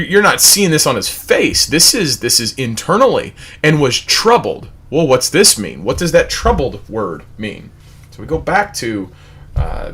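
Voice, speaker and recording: Guy doing a bible study stream, lively up and down voice, keeps asking questions and reading definitions. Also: mid-range voice, husky. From United States. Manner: animated, repetitive rhetorical questions, reads word definitions aloud. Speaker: preacher leading a Bible study.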